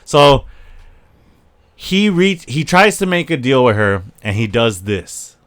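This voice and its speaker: A man co-hosting a podcast in casual chat, talking in an animated, profane way and acting out scenes in quoted voices. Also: mid-range voice, slow, no room sound. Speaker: podcast co-host.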